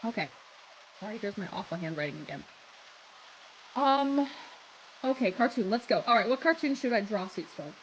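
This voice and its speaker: A young Australian woman streaming live, chatting casually with viewers and reading aloud, giggly and animated. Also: mid-range voice, normal speed, pauses often, muffled recording, a little hiss or hum.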